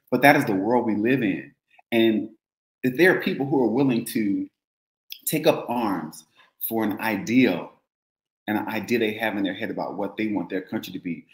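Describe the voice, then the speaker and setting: A low-pitched man delivers an emphatic, repetitive call to action, his voice bouncing around an echoey room. He speaks in an impassioned, conversational podcast style. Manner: emphatic, repetitive rallying calls. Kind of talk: impassioned political commentary.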